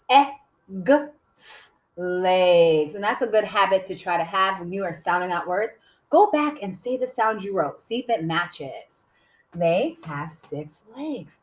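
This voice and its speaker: Lively woman teaching children, echoey room. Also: mid-range voice. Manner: lively, sounding out letters slowly for young children. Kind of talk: classroom writing lesson.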